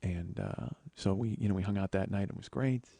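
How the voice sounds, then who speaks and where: A man hosting a podcast, telling a personal story in a storytelling monologue, swearing often and getting louder and higher when worked up. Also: fairly quick, vocal fry, breathy edge, no echo. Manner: profane, excitable, voice rising when worked up. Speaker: podcast host.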